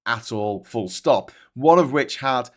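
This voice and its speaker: A man's voice: mid-range voice, lively intonation, slow pace. A man hosting a casual chat, ranting and swearing freely as he answers viewers. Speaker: host.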